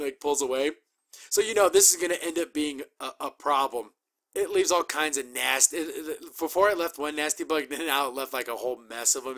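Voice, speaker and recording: A man casually recapping and reacting to a cartoon episode, chatty and upbeat, acting out quick character quotes. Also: on the high side, a bit bright. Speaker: show reviewer.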